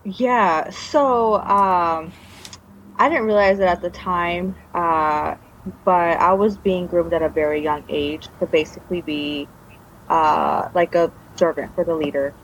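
A woman recounts her own story as a guest in a relaxed interview. She meanders, trailing off and restarting her sentences. Her voice sits fairly low and comes through a dull, lo-fi recording. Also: slow, a little hiss or hum. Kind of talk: casual personal storytelling.

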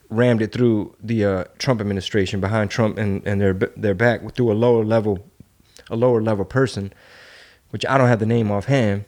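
A man hosting a podcast, talking bluntly and heatedly with lots of swearing and rhetorical questions. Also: lowish voice. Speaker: podcast host. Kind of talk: casual opinionated chat.

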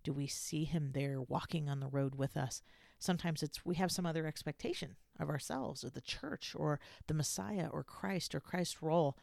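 Woman, scripture teacher, conversational and halting. Lower pitch with gravelly fry. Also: darkish tone, no echo, clean studio sound. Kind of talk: casual scripture lesson.

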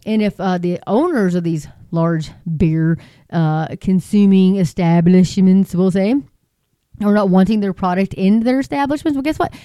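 Woman podcast host, casual and rambling, smooth mellow voice, dry close recording. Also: mid-range voice, normal speed, no room sound. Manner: rambling, chatty, frequent restarts and asides, laughs often. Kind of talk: casual solo podcast commentary. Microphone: podcasting microphone.

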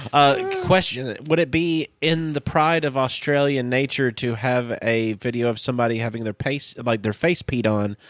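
A man joking around in a casual podcast chat, animated and playful. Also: medium pitch, normal speed, hardly any pauses, no room sound, clean studio sound. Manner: animated, playful, breaks into song. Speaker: podcast co-host.

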